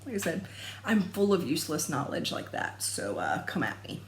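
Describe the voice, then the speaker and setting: A woman's voice: sits low, very animated, normal speed, a little hiss or hum. A young adult woman chatting casually to camera about her stitching, rambling and laughing often. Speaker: cross-stitch vlogger. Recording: echoey room.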